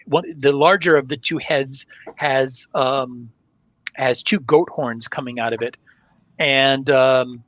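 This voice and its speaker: A man narrating as game master, describing scenes with frequent halting pauses and fillers. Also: a little high, pushed and bright, no room sound.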